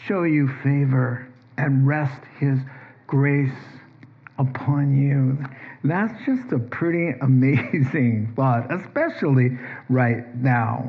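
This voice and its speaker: A man preaching a sermon as pastor, emphatic and full of rhetorical questions. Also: mid-range voice. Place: church. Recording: dull lo-fi sermon recording.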